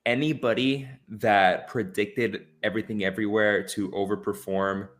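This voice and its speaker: A man's voice: on the low side, fairly even intonation, normal speed, fairly bright tone. Impassioned man hosting a film podcast. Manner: impassioned and emphatic, with repeated restarts. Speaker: podcast co-host. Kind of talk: casual film discussion.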